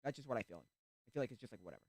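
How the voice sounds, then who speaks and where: A male streamer in casual chat, rambling with restarts and acting out little quoted exchanges, sometimes breaking into loud rants. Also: medium pitch, lively intonation, rapid-fire, breathy edge, no room sound, clean studio sound. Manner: gets loud and ranting.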